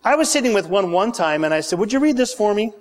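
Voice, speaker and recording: A man preaching in a high, bright voice that swings widely as he leads the congregation through scripture. He reads the verses with rising emphasis and prompts the listeners to say the words back with him. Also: sing-song, quick pace. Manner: emphatic, calls for congregation responses. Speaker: pastor. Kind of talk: sermon.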